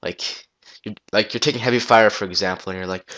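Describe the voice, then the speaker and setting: A man talking through a casual software tutorial on a gaming headset, rambling loosely and swearing now and then. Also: fairly low pitch, steady tone, fast talker. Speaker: tutorial maker.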